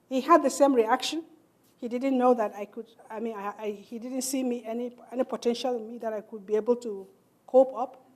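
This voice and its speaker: A middle-aged Nigerian woman giving a speech in a large hall, telling her life story earnestly and acting out the people in it. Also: on the high side. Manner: earnest, animated storytelling with quoted dialogue. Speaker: keynote speaker.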